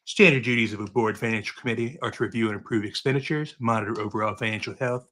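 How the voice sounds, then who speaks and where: A man doing an impression of a boastful older male politician, drawling slowly, repeating praise and insults. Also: lowish voice, fairly bright tone. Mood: mocking.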